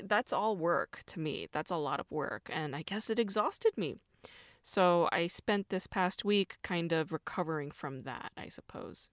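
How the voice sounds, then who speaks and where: A woman's voice: lowish voice, dry recording, clean studio sound. A woman hosting a podcast, talking alone in a rambling, self-mocking way with lots of fillers. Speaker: podcast host. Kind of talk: casual solo chat.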